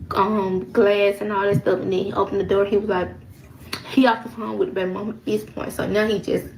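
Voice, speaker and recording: A young woman telling a personal story in a casual, rambling way, using slang and repeating her phrases. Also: mid-range voice. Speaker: vlogger. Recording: noisy background hiss.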